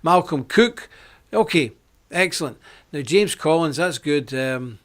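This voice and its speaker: A talkative man with a broad Ulster accent runs a live stream, joking and calling out to his viewers one by one. His voice sits a touch high for a man, and he keeps the patter casual and warm-humoured. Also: expressive, a little slow. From Northern Ireland. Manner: chatty, jokey, greeting viewers by name. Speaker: host. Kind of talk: casual livestream chat.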